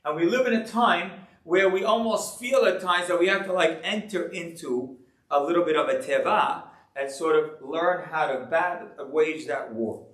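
A man preaches as a rabbi with a high, lively voice. He talks to his audience in a joking, rhetorical way. The sound is roomy and echoey. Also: normal speed, distant mic. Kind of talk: sermon to a live audience. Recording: echoey room.

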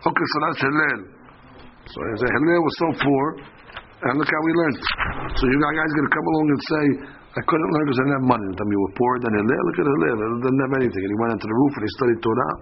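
A man's voice: medium pitch, rapid-fire, vocal fry, muffled recording, slight background noise. A man giving a daily Talmud class, reading the text aloud and then translating it in plain talk. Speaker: Talmud teacher.

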